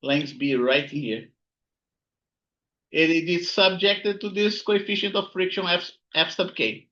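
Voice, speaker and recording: A man's voice: high-pitched, a little slow, sharp tone, dull audio. A man teaching a physics lesson, working through notes, repeating key words and checking in with "right?" and "here you go". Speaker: physics instructor. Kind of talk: recorded lecture while writing notes.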